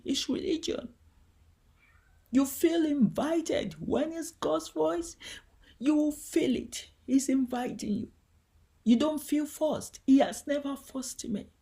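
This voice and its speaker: A woman giving a devotional teaching talk in a gentle, earnest and heartfelt way. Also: high-pitched, gravelly. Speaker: Christian teacher.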